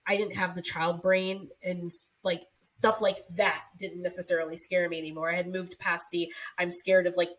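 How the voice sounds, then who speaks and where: A woman's voice: on the low side, little pitch movement, normal speed, hardly any pauses, a bit bright. A young woman co-hosting a podcast, chatting casually and rambling with many fillers. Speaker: podcast co-host. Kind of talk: casual chat.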